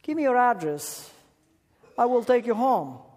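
A man's voice: extremely high pitch, sing-song, measured pace, a little mellow, pitched above the performer's own voice, heavily acted. A man voicing a patient policeman who coaxes a lost child with raised questions during a sermon story. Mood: coaxing. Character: kindly patient male policeman. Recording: echoey hall.

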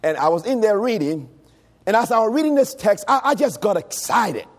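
Husky preacher guy, high voice, shouting and half singing, big echoey church sound. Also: lively intonation, a little fast. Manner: preaching with shouts and sung rising phrases. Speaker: pastor. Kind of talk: sermon. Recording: long hall reverb.

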